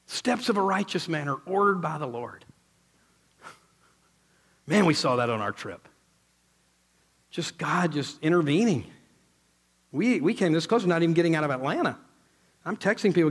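High-voiced, emphatic male preacher. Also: expressive, brisk, long pauses, slightly rough. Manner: emphatic, swings from loud exclaiming to low intense delivery; quotes scripture and retells stories in others' voices. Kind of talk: sermon.

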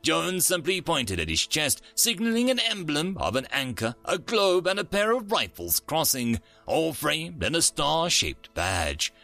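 A man narrating a science fiction story in a lively storytelling way. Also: fairly high pitch, a little slow, vocal fry, few pauses, dry recording, soft background music.

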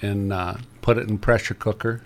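A man's voice: on the low side, steady tone, moderate pace. A middle-aged man, a trapper chatting on the radio in a folksy, rambling way with many fillers. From Upper Peninsula of Michigan. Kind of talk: casual radio chat.

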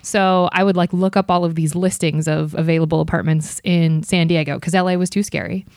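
A woman's voice: lowish voice, steady tone, brisk, a little mellow, no room sound, studio quality. A young woman from Ohio chatting as an interview guest, self-deprecating and full of fillers. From Ohio, USA. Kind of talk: casual interview chat.

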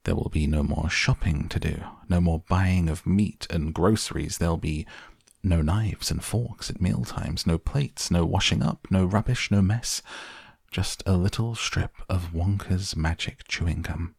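A man's voice: sits low, measured pace, vocal fry, slightly rough, no echo, clean studio sound, full character voice. A man reading the part of an eccentric, proud male candy inventor, boasting grandly. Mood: boastful.

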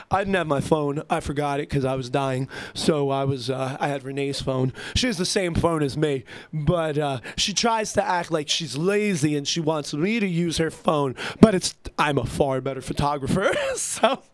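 A young man telling a rambling, excitable story into a computer mic, swearing constantly. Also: fairly high pitch, no room sound. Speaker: vlogger. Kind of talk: casual rambling monologue. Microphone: computer mic at a keyboard.

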